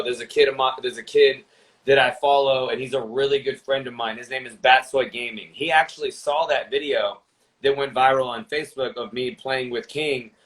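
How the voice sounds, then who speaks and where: A man's voice: medium pitch, a bit bright, rough recording. A young man, a gaming streamer, talking casually as a podcast guest, rambling with lots of fillers and restarts.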